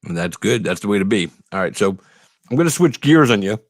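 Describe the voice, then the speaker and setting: Brief: laid-back man hosting a podcast, lowish voice, rambling delivery. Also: brisk, no room sound, clean studio sound. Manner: relaxed, rambling, many fillers. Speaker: podcast host. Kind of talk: casual interview.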